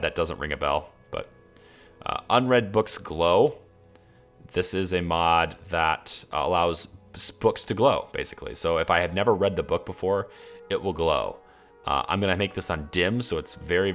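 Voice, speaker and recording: A man's voice: deep voice, fairly bright tone. A man streaming a game, casually walking through his mod list in a rambling, enthusiastic way with many fillers. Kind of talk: casual walkthrough of game mods.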